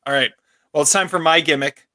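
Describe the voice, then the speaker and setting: A man co-hosting a podcast, bright and a touch high in pitch, recorded dry and close. He banters and teases his co-host in an upbeat, casual way. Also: steady tone, a little fast, dry recording.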